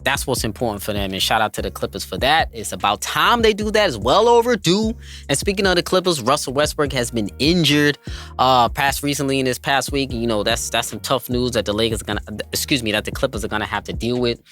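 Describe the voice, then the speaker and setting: A man's voice: mid-range voice, animated, brisk, a bit bright, faint music behind. A man hosting a basketball podcast, talking emphatically and hyping players up, calling his listeners family. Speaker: podcast host. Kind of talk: enthusiastic basketball commentary.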